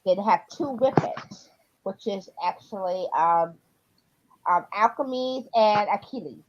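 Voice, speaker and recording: A woman chats casually on a livestream, rambling with fillers and restarts. Her audio sounds dull and lo-fi, like a cheap mic. Her voice sits at a middle pitch. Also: a little slow. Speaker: livestream co-host. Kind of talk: casual chat.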